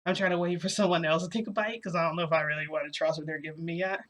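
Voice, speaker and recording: A woman's voice: fairly low pitch, fairly even intonation, racing. A young woman telling a personal story in a casual, chatty way, speaking straight to her viewers and filling it with "like" and "you know.". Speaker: storytime vlogger.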